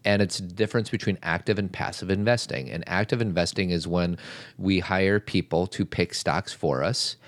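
A man's voice: sits low, fairly even intonation, moderate pace, dry recording. A middle-aged man co-hosting a podcast in a casual, joking way, often riffing on movie lines. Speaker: podcast co-host. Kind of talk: casual chat.

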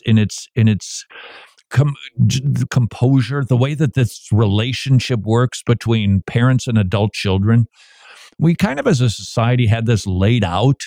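A man hosting a Christian radio talk show, giving commentary and acting out parents in quick quoted asides. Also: mid-range voice, a little mellow, dry recording, studio quality.

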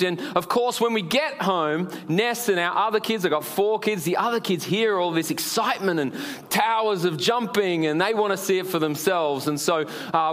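High-voiced Australian-raised pastor preaching. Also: male voice, a bit bright. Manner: storytelling, frequent "uh" fillers, asks the audience. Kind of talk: sermon with personal story.

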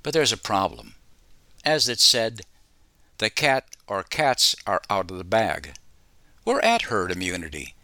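Male commentator, mocking and sarcastic, lower pitch, dry booth sound. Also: very animated, unhurried, long pauses, pushed and bright, no room sound. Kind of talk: scripted political commentary.

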